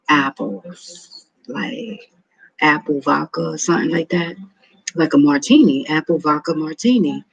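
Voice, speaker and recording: Man in his 30s, rambling casual storyteller, a bit high, husky voice. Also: a bit bright, no echo, highs cut off. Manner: rambling, profane, repeats himself. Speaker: vlogger.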